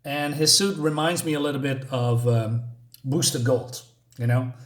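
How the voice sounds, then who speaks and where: A man's voice: mid-range voice, level tone, moderate pace. Rambling man reviewing a comic. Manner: rambling and hesitant, with many fillers. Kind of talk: casual spoken review.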